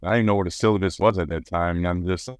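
A former basketball player chatting as an interview guest, relaxed and rambling, with fillers and restarts, from Rochester, New York. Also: male voice, deep voice, quick pace, clean tone, dry recording, clean studio sound. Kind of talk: casual interview storytelling.

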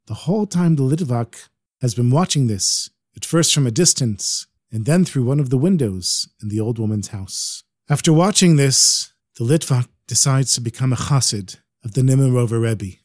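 A man narrating a religious story in an animated, expressive way. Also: medium pitch, dry recording, clean studio sound.

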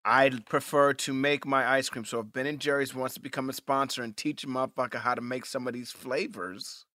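A man co-hosting a podcast, excitable and slangy, swearing and calling people dude. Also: mid-range voice, brisk, no echo, studio quality. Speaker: podcast co-host. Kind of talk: casual podcast chat.

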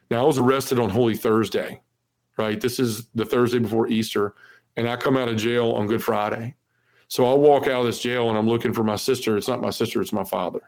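A man's voice: medium pitch, fairly even intonation, a little fast, a little mellow. A middle-aged man, a podcast guest earnestly telling a personal story and acting out the voices of others. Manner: earnest, acts out quoted voices.

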